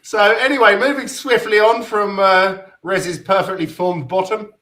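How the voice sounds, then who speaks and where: Host guy, bright tense voice, joking around about football. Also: high voice, steady tone, measured pace, reverberant. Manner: jokey, reads quotes aloud. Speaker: show host. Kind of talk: casual football chat.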